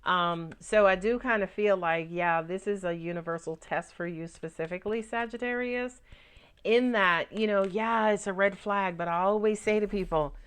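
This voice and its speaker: A woman's voice: medium pitch, moderate pace, clean tone. A woman giving a casual tarot reading, talking loosely and swearing freely, often tagging her lines with "right?" and acting out little storylines. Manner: acts out little storylines in put-on voices. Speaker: tarot reader.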